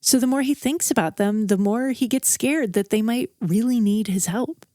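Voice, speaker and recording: A woman's voice: on the high side, moderate pace, warm tone, dry recording, studio quality. A woman narrating a true story in a casual, vivid, conversational way, building suspense as she goes. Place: outdoors around a campfire.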